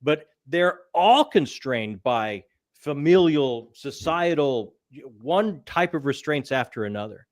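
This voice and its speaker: A man hosting a casual live book discussion, earnest and halting, restarting his sentences often. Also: on the high side, lively intonation.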